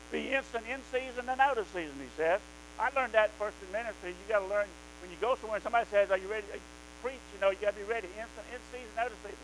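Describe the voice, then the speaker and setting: Male preacher, high voice, emphatic sermon delivery, faint mains hum behind. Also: rough recording. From American South. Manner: fervent, emphatic, rising to loud exhortation.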